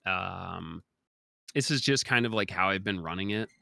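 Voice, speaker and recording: A man's voice: low-pitched, moderate pace, gravelly, pushed and bright, dry recording. A young man giving chatty, explanatory live commentary during a speedrun, with many filler ums.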